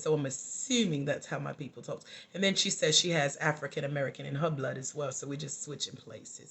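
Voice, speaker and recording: A woman's voice: low voice, fairly quick, vocal fry, few pauses. Chatty woman life coach at home. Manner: chatty and animated, often laughing. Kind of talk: casual live-stream chat with viewers.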